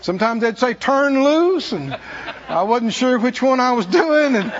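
A man preaching, telling a self-mocking personal story in an animated way. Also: very high-pitched, moderate pace, big-room sound, dull audio, slight background noise. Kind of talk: testimony sermon. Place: church.

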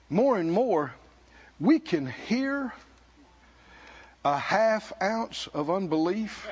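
An older man preaching a conference sermon, animated, acting out voices and drawing responses from the congregation. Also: a little high, husky. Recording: dull lo-fi live recording.

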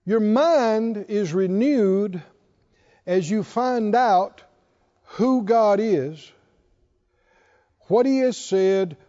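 In a church sanctuary, a male pastor preaches a sermon in call-and-response style, asking the congregation to answer back. His voice sits high and mellow, captured in an echoey hall with dull, lo-fi sound.

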